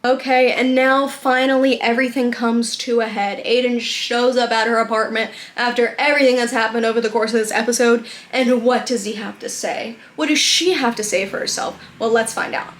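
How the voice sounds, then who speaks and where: A woman's voice: fairly high pitch, steady tone, brisk, hardly any pauses, a bit bright. A woman hosting a video, giving casual, chatty and sarcastic commentary on a TV episode. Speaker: video host.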